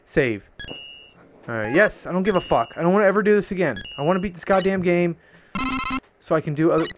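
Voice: medium pitch, fast. A gaming channel host giving let's play commentary, cursing and muttering in frustration at the game. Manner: profane, exasperated, talking to self. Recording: loud game music over voice. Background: loud video game music.

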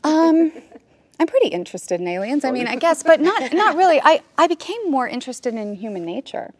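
A woman in her forties, an actress at a roundtable, talking in a thoughtful, halting way. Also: high voice, big pitch swings. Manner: thoughtful, halting, with many restarts. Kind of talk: casual roundtable conversation. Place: studio with a group of guests.

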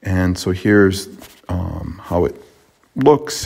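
A man teaching a Latin poem, explaining its sounds and meter in a halting way with frequent pauses and restarts. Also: deep voice, gravelly, darkish tone, husky. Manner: halting, with many fillers and restarts. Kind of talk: explanatory lesson on poetry.

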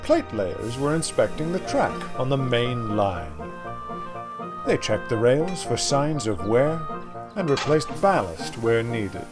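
A male narrator reads a children's story at a slow, unhurried pace. His pitch moves in a lively, expressive way, with faint music underneath. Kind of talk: storybook reading.

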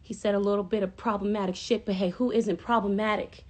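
Brief: woman hosting a phone livestream, middle pitch, loose profane rambling, bursts of heated passion. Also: quick pace. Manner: profane, rambling and animated, flaring into impassioned outbursts. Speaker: livestream host. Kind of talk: casual chat on a phone livestream.

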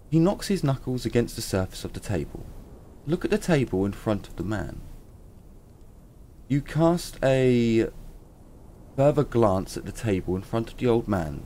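A man's voice: medium pitch, warm tone, slight background noise. A man in a let's-play video, reading the game's text aloud and stumbling over words as he corrects himself. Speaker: gaming YouTuber.

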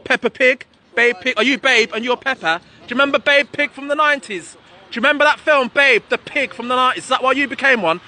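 A man's voice: very high voice, fast talker, pushed and bright. A man in a heated street argument with police officers, aggressive and insulting, repeating himself. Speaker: passer-by arguing with police officers. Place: outdoors on a street by a police van.

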